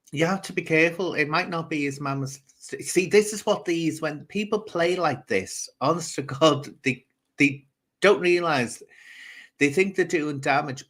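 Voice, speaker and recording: A man's voice: fairly high pitch, a bit bright. A man hosting his own channel, rambling in gossipy livestream commentary, talking straight to viewers with many asides and restarts. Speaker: YouTube channel host.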